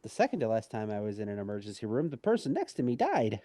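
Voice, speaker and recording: A man's voice: lowish voice, huge pitch swings, fast, warm tone, slight background noise. Sardonic man on a casual stream. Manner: sardonic, joking. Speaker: stream co-host. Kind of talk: casual chat.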